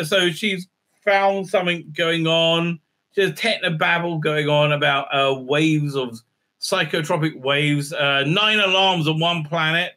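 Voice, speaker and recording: A man's voice: a little high, steady tone, unhurried, bright, forceful tone. A man hosting a casual, ranting review recap, crude and sarcastic with lots of fillers. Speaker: show host, TV reviewer.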